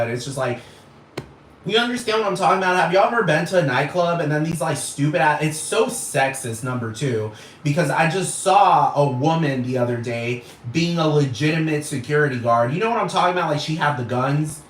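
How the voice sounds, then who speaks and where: A man's voice: on the high side, fairly quick. A man ranting on a vlog, exasperated and profane, piling up rhetorical questions. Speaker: vlogger. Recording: roomy echo with faint noise.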